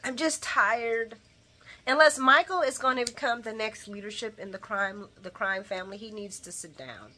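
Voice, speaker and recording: Female recap host, bright and slightly high, animated and opinionated, casual. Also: normal speed. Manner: animated and opinionated, talks to viewers as guys and y'all, acts out retorts. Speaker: soap opera recap host. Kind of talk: casual chat, daily show recap.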